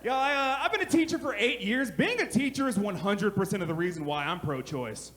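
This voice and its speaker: High-voiced man doing brash stand-up. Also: fairly quick. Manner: brash, animated storytelling with shouted punchlines. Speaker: stand-up comedian. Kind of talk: stand-up comedy set. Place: comedy club stage. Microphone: handheld stage mic. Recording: live club recording with crowd noise. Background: audience laughter.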